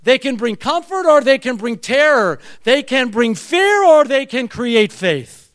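A man in his seventies preaching a sermon, telling a personal story with animated delivery and calling out to the audience. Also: very high voice, unhurried, dry recording, studio quality. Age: 70s.

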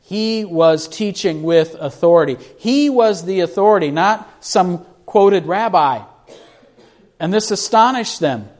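A man preaches a sermon conversationally, posing questions to his listeners and repeating words and restarting sentences as he speaks off the cuff. His voice is high-pitched and expressive, and he moves at a measured pace.

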